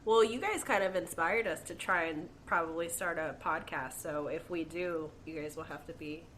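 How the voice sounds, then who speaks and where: A woman's voice: low voice, moderate pace, a bit bright, a little hiss or hum. A woman talking as a guest on a podcast, chatty and laughing between remarks. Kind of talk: casual chat.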